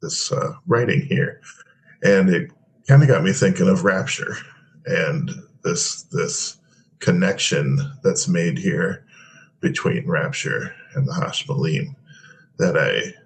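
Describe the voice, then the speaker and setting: A man's voice: low-pitched, takes it slowly, rough recording. A man in a study group talks hesitantly, thinking aloud about a passage he read. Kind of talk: reflective group discussion.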